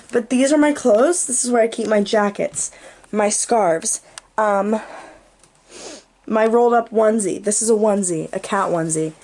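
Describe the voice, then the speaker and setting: A woman's voice: fairly high pitch, a little hiss or hum. Playful young woman giving a room tour. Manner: goofy, playful, jokey asides. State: out of breath. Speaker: vlogger.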